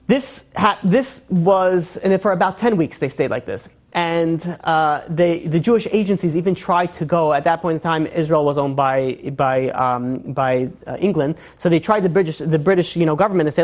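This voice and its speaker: A man, a rabbi, telling a long story in a sermon, animated and full of fillers. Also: a little high, moderate pace, few pauses.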